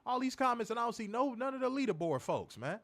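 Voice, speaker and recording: Here the co-host's voice is extremely high-pitched and he talks fast. He reads viewer comments on the wrestling review show and rants loosely, swearing freely and laughing through his animated outbursts.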